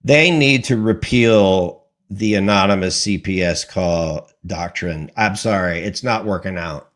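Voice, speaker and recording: A man's voice: sits low, unhurried, a bit bright. A man hosting a livestream, making blunt, sarcastic remarks over a clip he is playing. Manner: blunt, sarcastic, crude asides. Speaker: livestream host reacting to a video. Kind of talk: casual commentary over a clip.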